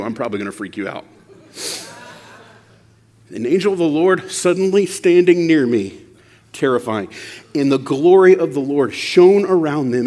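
A male preacher delivers his sermon in an animated, conversational way. He throws rhetorical questions at the congregation. His fairly high voice rings with a long reverb from the church hall. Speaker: pastor.

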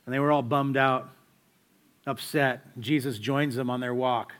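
A man's voice: medium pitch, steady tone, measured pace, a bit bright. A man preaching a sermon in a conversational, storytelling way, full of rhetorical questions to the listeners. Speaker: pastor.

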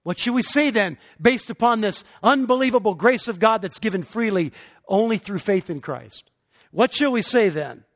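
Guy preaching, pretty high voice, hits the big points hard. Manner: emphatic, rising to forceful peaks. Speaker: pastor. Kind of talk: sermon.

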